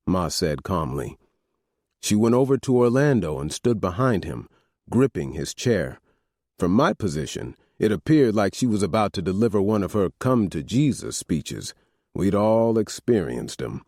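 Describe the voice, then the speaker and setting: A man narrates an audiobook in the first person with expressive delivery. His voice is on the low side with lively pitch movement. The recording is dry and close. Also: normal speed, no room sound.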